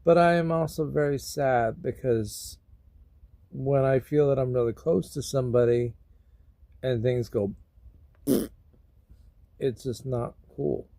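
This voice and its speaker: Sad sleepy guy rambling slow into his camera, kinda gravelly, gets loud outta nowhere. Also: medium pitch, dry recording. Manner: slow, rambling and mournful, with sudden loud bursts. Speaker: vlogger. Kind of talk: emotional personal vlog.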